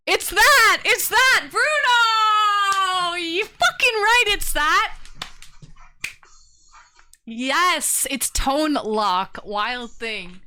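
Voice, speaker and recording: A chatty young woman hosts a live stream, talking casually and breaking into bursts of excitement. Her voice sits a touch high and sounds smooth and clear. It is picked up close on a desk mic with a dry, dead sound. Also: no echo. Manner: excitable, chatty, bursts into shouting and humming beats. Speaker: streamer hosting a call-in show.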